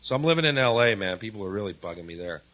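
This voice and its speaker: Man, stand-up comic, from the US, sardonic, very animated pitch, bright edge, live stage mic. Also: racing. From United States. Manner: sardonic, swinging from low mutters to loud jabs. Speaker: stand-up comedian. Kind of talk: stand-up comedy set.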